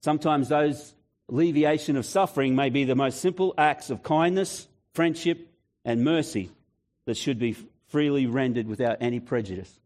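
A male preacher delivering a relaxed, story-driven sermon, speaking right to his listeners. His voice sits at a middle pitch and stays conversational. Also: normal speed. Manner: storytelling, conversational, addresses congregation directly.

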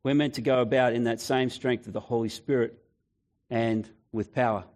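A male preacher delivering a relaxed, story-driven sermon, speaking right to his listeners. His voice sits at a middle pitch and stays conversational. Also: normal speed. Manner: storytelling, conversational, addresses congregation directly.

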